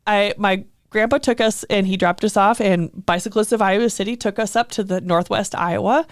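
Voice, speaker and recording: A woman's voice: medium pitch, fairly even intonation, normal speed, no room sound. A young woman chats as a podcast co-host. She talks casually and laughs often, in a mid-range voice. The sound is dry and close to the mic. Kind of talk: casual chat.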